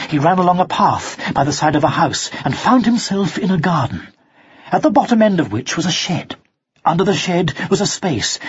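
A narrator reading a children's storybook aloud in a slow, expressive way, on a dull lo-fi recording. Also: medium pitch, slightly rough, no echo. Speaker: audiobook narrator.

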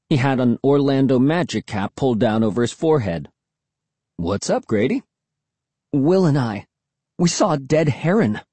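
A man narrates a first-person audiobook with measured, even storytelling. His husky voice sits at a middle pitch. The recording is dry and close, with no room around it. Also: no room sound.

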